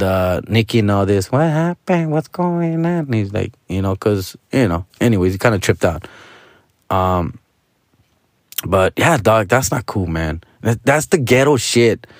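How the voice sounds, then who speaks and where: A man tells a casual, animated story, full of profanity and slang, switching between Spanish and English. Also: lowish voice, unhurried, dry recording, clean studio sound. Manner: animated, with frequent street-slang tags.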